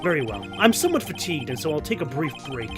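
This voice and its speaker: A man playing a fussy elderly male judge, flustered and hurried. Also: a little high, very animated, over music.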